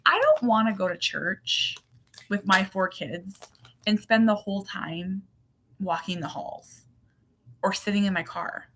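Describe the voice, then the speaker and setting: Bright, chatty woman livestreaming. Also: mid-range voice, measured pace, a little hiss or hum. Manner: chatty and animated, many fillers. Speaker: mother and channel host. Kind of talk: casual livestream chat.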